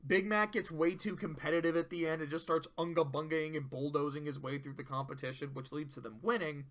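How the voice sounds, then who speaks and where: A young man casually reviewing a cartoon episode, talking in a loose, animated way and swearing freely. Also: on the high side, brisk.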